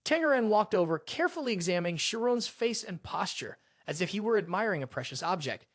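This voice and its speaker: A storyteller recapping a fantasy tale in a steady, even manner. The pitch moves a lot from phrase to phrase. The mic is close and dry, with no room sound. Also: fast talker, no room sound. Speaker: narrator.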